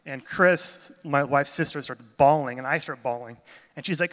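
A man's voice: a little high, normal speed, fairly bright tone. A man speaking as a pastor in a church gathering, chatty and enthusiastic in his storytelling, a little jet lagged. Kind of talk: casual sermon talk. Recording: long reverb of a large hall.

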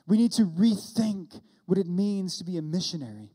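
A man's voice: high voice, lively intonation, normal speed, few pauses, mellow, husky. A man in his forties preaching a sermon, telling a story and acting out both sides of the dialogue. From California. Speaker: pastor. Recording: long hall reverb.

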